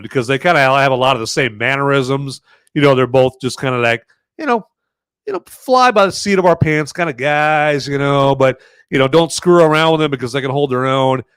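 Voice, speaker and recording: A man's voice: medium pitch, fairly bright tone, clear, resonant tone, no room sound. Rambling man reviewing a movie. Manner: rambling, lots of "uh" and "there". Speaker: podcast host. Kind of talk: casual live movie review.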